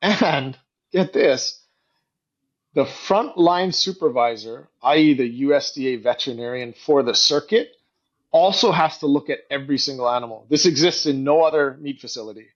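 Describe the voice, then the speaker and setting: A middle-aged man telling stories in a casual podcast interview, animated and quick to act out what others said. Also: medium pitch, lo-fi sound. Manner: animated storyteller, acts out quoted voices, frequent "like". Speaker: guest, company co-founder and CEO.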